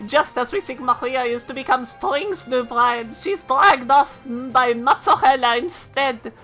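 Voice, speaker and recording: A woman's voice: high-pitched, measured pace, sharp tone, faint music behind, pitched above the performer's own voice, full character voice. Woman doing a grand declaiming stage narrator. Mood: dramatic.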